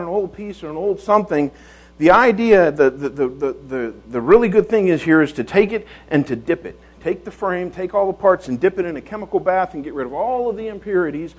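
High-voiced folksy male preacher. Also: rough recording. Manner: folksy, repeats words, rhetorical tag questions. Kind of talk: conversational sermon.

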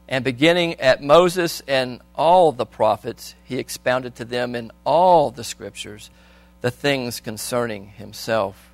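A man preaching a sermon, reading scripture aloud and asking the congregation questions, swinging between soft and loud. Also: mid-range voice, slow, dry recording.

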